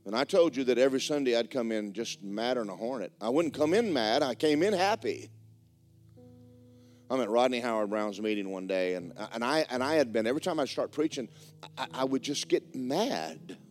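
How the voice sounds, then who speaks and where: A man preaching a sermon as the pastor of a church, telling a story in a lively way that swings between hushed and loud. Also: mid-range voice, normal speed. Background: faint guitar music.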